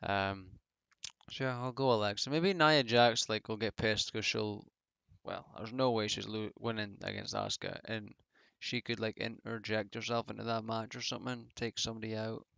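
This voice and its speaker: A man's voice: lowish voice, fairly even intonation, normal speed, creaky, a bit bright, clean tone, no room sound. A man giving casual solo commentary as a wrestling reviewer, rambling and offhand with many fillers. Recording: dull lo-fi home mic.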